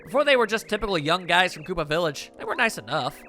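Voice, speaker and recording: A man voicing a spunky, quick-tempered young female bomb creature from a video game, pitching his voice up high. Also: big pitch swings, sharp tone, faint music behind, heavily acted. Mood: chatty.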